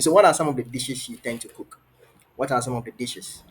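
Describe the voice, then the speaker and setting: An encouraging male English tutor on a video call, drawing out a student with steady questions and repeated phrases. His voice has a husky, breathy edge at a middle pitch. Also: fairly quick. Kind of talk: online trial lesson.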